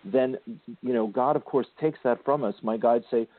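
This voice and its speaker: Man counseling gently over a phone line. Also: mid-range voice, normal speed, dry recording. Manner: soothing, affectionate, calls caller sweetie and darling. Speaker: spiritual intuitive radio host. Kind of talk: gentle spiritual counseling chat. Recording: tinny phone-line sound.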